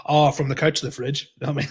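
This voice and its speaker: Comedy podcast co-host, man in his thirties, slightly higher voice, giggly and repetitive, swears a lot. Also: breathy edge. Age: 30s. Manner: laughs often, repeats himself, swears freely. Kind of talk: casual podcast rant.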